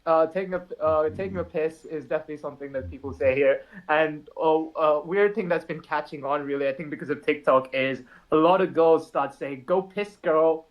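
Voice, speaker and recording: A man's voice: fairly high pitch, a little fast, hardly any pauses, lo-fi sound. A man guest on a casual podcast, easygoing and laughing along, often hedging his opinions.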